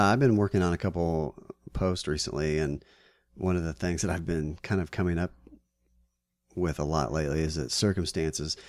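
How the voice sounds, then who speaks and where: A man's voice: rumbling low, no room sound. A man co-hosting a podcast with his wife, chatting in an easygoing, rambling, reflective way. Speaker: podcast co-host. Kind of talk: casual chat between spouses.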